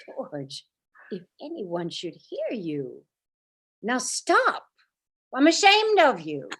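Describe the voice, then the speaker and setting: A woman's voice: on the high side, huge pitch swings, takes it slowly, noisy background, full character voice. A woman reading the part of a flustered, scolding mother of the groom in a staged play reading.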